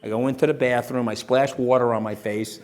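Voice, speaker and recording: A man, an interview guest telling animated stories in a punchy way, often tagging his lines with "okay?". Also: mid-range voice, brisk. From New York. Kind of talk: animated storytelling.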